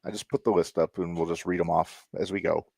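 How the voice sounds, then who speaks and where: A man with a lowish voice co-hosting a wrestling podcast, talking loosely and cracking jokes. The sound is dry and close, with no room around it. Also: steady tone, fast, vocal fry, a little mellow, breathy edge, no room sound. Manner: joking, talks to himself while working. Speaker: podcast co-host. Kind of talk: casual wrestling podcast chat.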